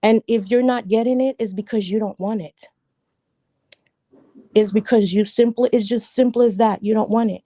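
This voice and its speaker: A woman's voice: a little high, fairly even intonation, normal speed, warm tone, no room sound, studio quality. A woman from Jamaica arguing her point emphatically on a livestream panel discussion, repeating lines for stress.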